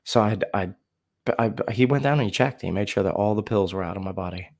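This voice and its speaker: A man candidly telling a painful personal story, raw and profane, halting and restarting his sentences. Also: lowish voice, creaky, darkish tone. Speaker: storyteller sharing recovery story.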